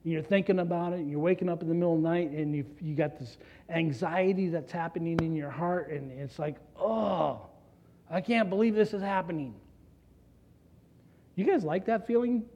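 A man's voice: fairly high pitch, a little fast. A man preaching a conversational sermon as a pastor, earnestly putting rhetorical questions to the congregation. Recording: dull lo-fi recording.

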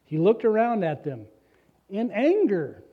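A man's voice: sits high, huge pitch swings, unhurried, breathy edge, narrow, tinny audio. A middle-aged man preaching a sermon, telling his own story in an earnest, personal way and reading scripture aloud. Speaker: pastor.

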